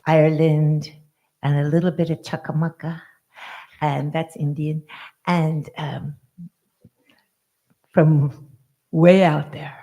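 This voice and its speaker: A woman introducing herself to a group in a halting way, with many fillers, recorded with dull lo-fi sound. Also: sits low, flat delivery, warm tone. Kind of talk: casual self-introduction.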